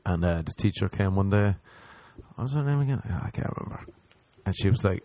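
A man's voice: deep voice, animated, a little fast, a little mellow, dry recording. A young man casually telling a rambling, profane anecdote, acting out the other people's lines as he goes. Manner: profane, rambling, acts out quoted voices. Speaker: storyteller.

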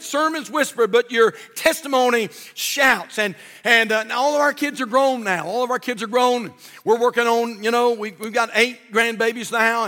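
A man's voice: very high voice, pushed and bright, long reverb tail. An older man preaching a sermon from a church pulpit, in a folksy, fervent way with many repeats. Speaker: pastor.

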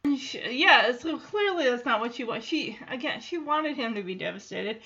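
A woman's voice: fairly high pitch, lively intonation, normal speed, bright, forceful tone, husky, lo-fi sound. A woman hosting a podcast, recapping a sitcom episode in a chatty way, laughing often and acting out the characters' lines. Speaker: podcast host.

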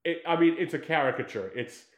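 A fairly high-pitched man speaks briskly in a reverberant space, recapping a movie casually as a podcast co-host. His telling is animated, full of acted-out quotes and free swearing.

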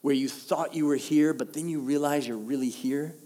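A man preaching a sermon, telling the story with animated delivery and acting out the quoted lines. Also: on the high side, moderate pace. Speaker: pastor. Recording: long hall reverb.

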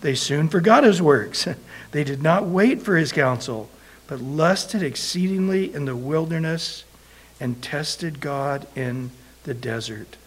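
A man preaching a sermon, telling a Bible story in an animated way and acting out the quoted voices of the people in it. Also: fairly high pitch, slow pace, husky.

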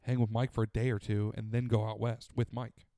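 A man co-hosting a podcast in casual chat at home, profane and animated, laughing as he tells stories. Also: lowish voice, a little fast, no room sound. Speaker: podcast co-host. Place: Florida home.

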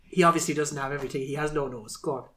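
A man's voice: fairly high pitch, steady tone, rapid-fire, sharp tone. A British man co-hosting a comedy podcast, interjecting jokes and giggles. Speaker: podcast co-host. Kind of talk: casual banter. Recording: noisy background.

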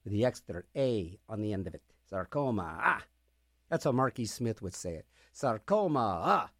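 A man's voice: fairly low pitch, sing-song, brisk, fairly bright tone. A man hosting a radio music show, chatting casually between songs with rambling, sarcastic jokes. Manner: rambling, jokey, sarcastic asides.

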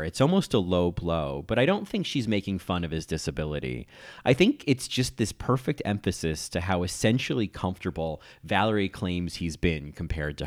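A man narrating a scripted video essay as a TV critic, analytical and admiring. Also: sits low.

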